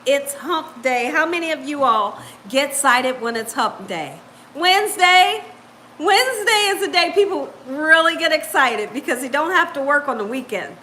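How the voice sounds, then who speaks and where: A woman's voice: high voice, expressive, moderate pace, bright, forceful tone, a little hiss or hum. A woman hosting a live cooking stream, chatting upbeat with viewers, greeting them by name and laughing often. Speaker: cooking channel host.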